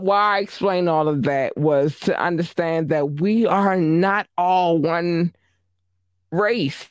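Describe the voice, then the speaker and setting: Slow, emphatic man talking to camera. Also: a little high, clean tone, no room sound, studio quality. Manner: animated, emphatic, repeats himself. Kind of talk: casual vlog monologue.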